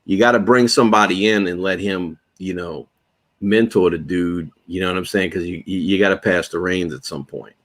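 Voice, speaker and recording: A man's voice: low-pitched, fairly even intonation, moderate pace. A man from New Orleans, a guest on a chat show, talking in a loose, rambling, laid-back way and often calling people "bro". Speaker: comic creator, guest. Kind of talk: casual chat.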